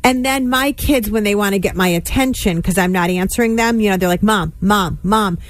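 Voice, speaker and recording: A woman co-hosting a morning radio show, reacting with animated, lively chat. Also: mid-range voice, brisk, no room sound.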